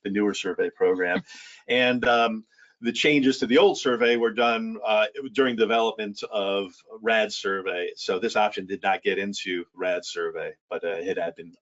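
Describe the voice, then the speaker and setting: Low-voiced man rambling through a software demo. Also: steady tone, normal speed. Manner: rambling, many fillers and restarts. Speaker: software presenter. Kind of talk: casual product walkthrough. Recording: dull lo-fi sound.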